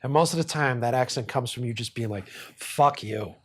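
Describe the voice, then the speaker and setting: A man's voice: mid-range voice, fast. A man from Boston in his thirties, hosting a podcast and telling a rambling story in casual chat, swearing freely and laughing as he talks. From Boston, USA. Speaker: podcast host.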